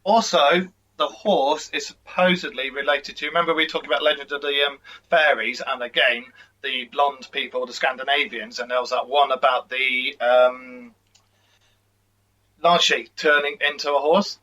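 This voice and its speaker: A man co-hosting a podcast, chiming in with quick joking remarks. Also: mid-range voice, fairly even intonation, bright, forceful tone, rough recording. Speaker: podcast co-host. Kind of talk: casual chat.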